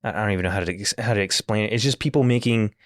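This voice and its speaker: A man's voice: fairly low pitch, very fast, dry recording, studio quality. A man co-hosting a casual podcast, reading stories aloud in a laid-back, hesitant way with chuckles. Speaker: podcast co-host.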